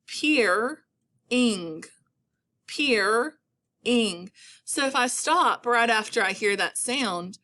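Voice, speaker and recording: A woman teacher giving a patient phonics lesson, stretching words out slowly for her students. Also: medium pitch, pushed and bright.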